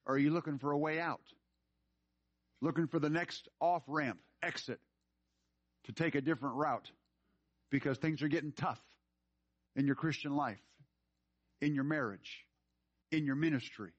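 A man's voice: fairly high pitch, measured pace, long pauses, no room sound. A male pastor preaching a sermon, telling a story and then pressing his point with earnest urgency. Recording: dry, slightly dull sound.

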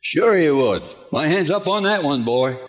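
A man's voice: fairly high pitch, animated, normal speed. An older man preaching a sermon in a folksy storytelling way, chuckling through his anecdotes, from an archive recording.

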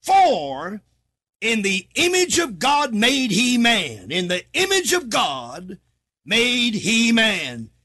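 A man preaching a sermon from the United States, reading scripture in a half-chanted way and rising to shouts for emphasis. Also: very high-pitched, huge pitch swings, slow.

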